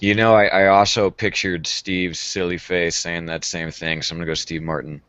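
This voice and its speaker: Deep-voiced man reasoning in mock-formal tones. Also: little pitch movement, moderate pace, a bit bright, smooth, dry recording, highs cut off. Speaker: game show contestant. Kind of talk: casual chat.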